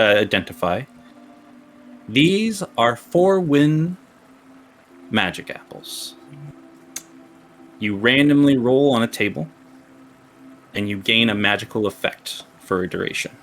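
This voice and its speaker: A man's voice: on the low side, a bit bright, a little hiss or hum. A man running a tabletop game as game master, narrating playfully and laughing often.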